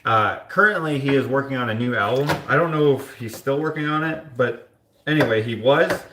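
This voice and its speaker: A man's voice: fairly quick, echoey room, noisy background. A man hosting a live stream, chatting casually and reading out viewer comments with jokey asides. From Canada. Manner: rambling, jokey, mock-sings in a high voice. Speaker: livestream host.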